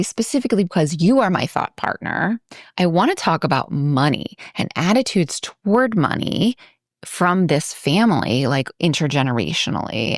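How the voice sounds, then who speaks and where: A woman with a low voice chats casually about a film, thinking out loud and wandering into asides. The sound is dry and close, with no room around her. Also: dry recording. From Baltimore. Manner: chatty, thinking aloud with many asides. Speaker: podcast co-host.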